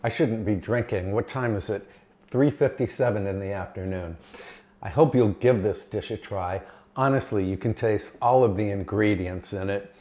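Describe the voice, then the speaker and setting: A man with a lowish, darkish voice hosts his own cooking channel, chatting enthusiastically as he cooks and tastes in his home kitchen. He's recorded on a camera mic that gets moved at times.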